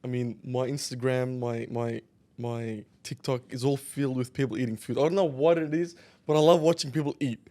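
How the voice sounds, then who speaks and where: A man hosting a casual podcast interview. He talks in a loose, friendly ramble, restarting his sentences as he goes. His voice has an ordinary pitch for a man. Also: fairly quick. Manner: relaxed, chatty, lots of restarts and "man". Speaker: podcast host.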